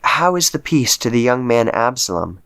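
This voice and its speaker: A man reading aloud, voicing an old king crying out in grief for his son with wailing, drawn-out cries. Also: mid-range voice, very animated, creaky, fairly bright tone. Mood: measured.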